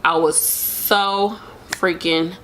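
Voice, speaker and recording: A woman's voice: fairly low pitch, steady tone, drawn-out words, fairly bright tone, a little hiss or hum. A young woman chatting casually to camera about her pregnancy, open and emotional, rambling with lots of fillers. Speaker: vlogger sharing a pregnancy update.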